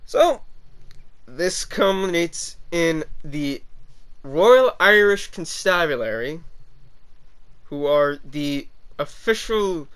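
A man talks through a history topic in a loose, unscripted way, his voice sitting a little high. He speaks slowly and keeps hedging and correcting himself mid-sentence. His tone stays offhand and irreverent throughout. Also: a bit bright. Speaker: history video creator. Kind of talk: casual unscripted history commentary.

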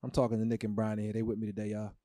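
A man preaching a sermon as pastor, emotional and emphatic, with dramatic pauses. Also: fairly low pitch, completely flat delivery, dark tone, no echo, studio quality.

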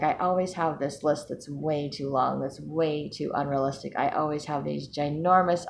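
A woman's voice: deep voice, darkish tone, a little hiss or hum. A woman talking casually to camera in a personal vlog, chatty and self-mocking, laughing often. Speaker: vlogger.

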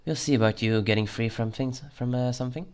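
A man's voice: medium pitch, steady tone, quick pace, darkish tone, smooth. A man commenting on his gameplay, playing a border guard in a playful put-on Russian-style voice and muttering as he reads documents. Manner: mutters while reading documents. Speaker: gaming channel host. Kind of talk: let's play commentary.

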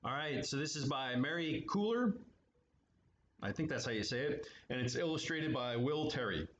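Playful man reading to kids, animated lilting voice, echoey boomy room. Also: moderate pace. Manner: playful, chatty asides, lively. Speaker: storytime reader at art studio. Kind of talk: children's read-aloud with asides. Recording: echoey room, muffled, faint hiss.

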